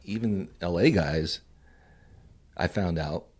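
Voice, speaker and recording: Deep-voiced man hosting a friendly chat. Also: slow pace, darkish tone, slightly rough. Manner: encouraging listener, frequent short interjections. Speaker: podcast host. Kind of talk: casual interview chat.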